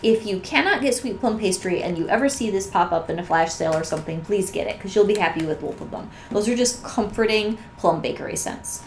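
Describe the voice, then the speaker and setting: A woman chatting enthusiastically in a casual show-and-tell vlog, her voice strained and going hoarse. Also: mid-range voice, animated, brisk, hardly any pauses. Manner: enthusiastic, gushing, conversational. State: losing her voice. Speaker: vlogger reviewing wax melts. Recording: echoey room with faint noise.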